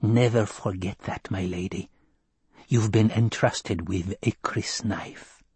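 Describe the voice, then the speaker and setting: A secretive desert housekeeper woman, as a male narrator puts her on, talking in a slow, low mutter. Her voice is rough and breathy, and the reading sits dry and close. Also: steady tone, a little mellow, no room sound, heavily acted. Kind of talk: audiobook character voice.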